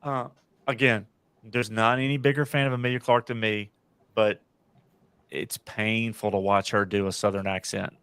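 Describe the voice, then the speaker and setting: A man's voice: on the low side, flat delivery, normal speed, a bit bright, smooth, no room sound. An American man hosting a casual panel podcast, rambling and correcting himself as he gives strong opinions. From United States. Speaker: podcast host.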